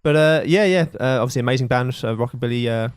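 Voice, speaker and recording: A man's voice: medium pitch, fast. A man co-hosting a comedy podcast, talking casually and rambling with lots of "uh" and "you know" between jokey asides. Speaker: podcast co-host.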